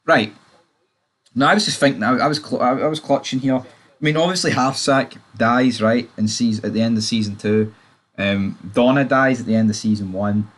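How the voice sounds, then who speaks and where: A man in casual, opinionated chat about a TV series. He rambles and keeps turning to the viewer with asides. His voice sits at an ordinary middle pitch. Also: normal speed. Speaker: TV show reviewer.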